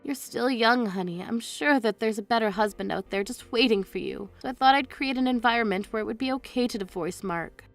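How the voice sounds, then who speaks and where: A woman voicing a blunt, sharp-tongued mother-in-law in her fifties. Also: on the high side, brisk, gravelly, few pauses, soft background music. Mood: gentle. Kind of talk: scripted story narration.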